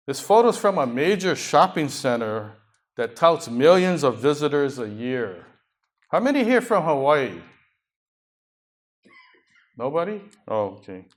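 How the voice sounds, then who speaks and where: A man presenting slides at a seminar to a live audience, moving through safety points and dropping jokes between them. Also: medium pitch. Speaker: seminar speaker. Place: conference room.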